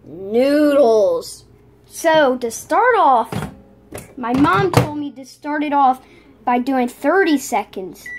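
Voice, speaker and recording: A woman's voice: high-pitched, expressive, takes it slowly, noisy background. A young woman making a casual home vlog, breaking into exasperated outbursts of disbelief. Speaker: vlogger.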